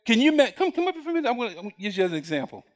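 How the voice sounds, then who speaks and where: A male preacher giving a lively, humorous sermon in church, acting out scenes and calling someone up from the congregation. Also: very high voice, rapid-fire. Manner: animated, jokey, acts out scenes, calls up a boy from the congregation. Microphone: recorded on camera for broadcast.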